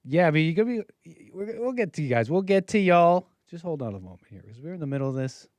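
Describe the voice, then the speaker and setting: An American man hosts his own live call-in stream, chatting casually with viewers and hopping from one topic to the next. His voice is fairly high and sing-song with a darkish tone, and he talks fast. The recording is dry.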